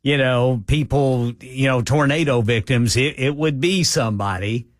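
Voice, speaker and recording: A man co-hosting a talk radio show, telling relaxed anecdotes in a halting, casual way. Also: medium pitch, no echo, clean studio sound. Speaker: radio co-host.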